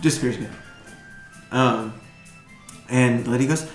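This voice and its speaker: A man narrating as game master, animated and laughing often. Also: mid-range voice, brisk, reverberant, soft background music.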